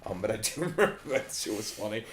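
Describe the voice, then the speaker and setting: A man's voice: fairly low pitch, big pitch swings, quick pace, faint music behind. Male podcast co-host, loose and rambling, fillers galore, roomy sound. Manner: rambling, many fillers, laughs easily. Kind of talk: casual film-discussion chat. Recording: roomy echoey room.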